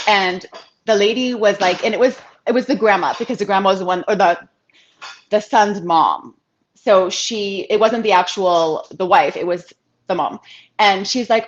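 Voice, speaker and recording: A woman's voice: mid-range voice, a little fast, slight background noise. A woman in her thirties, an interview guest telling a personal story in a heartfelt, chatty way. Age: 30s. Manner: heartfelt, chatty, quotes others in lively voices. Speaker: interview guest, financial advisor. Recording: dull lo-fi sound.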